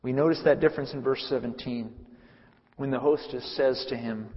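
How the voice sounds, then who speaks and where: A man's voice: medium pitch, moderate pace, slightly rough. A man preaching a sermon, earnest and emphatic, who repeats phrases for weight. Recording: reverberant hall, muffled sound.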